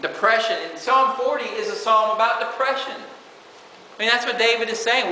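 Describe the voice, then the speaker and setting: A man's voice: very high-pitched, fairly even intonation, moderate pace, bright, forceful tone. A man preaching an informal sermon, reading scripture and talking conversationally with many "you know"s. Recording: echoey hall with faint hiss.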